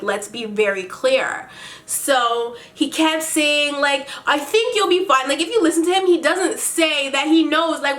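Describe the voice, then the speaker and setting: High bright-voiced woman ranting a storytime. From Canada. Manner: profane, dramatic, ranting. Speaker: vlogger. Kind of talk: casual storytime vlog.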